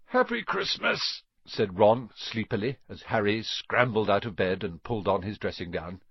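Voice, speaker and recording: A man narrating an audiobook in an expressive storytelling manner. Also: on the low side, normal speed, husky, dry recording. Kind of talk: scripted narration. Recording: dry, slightly dull lo-fi sound.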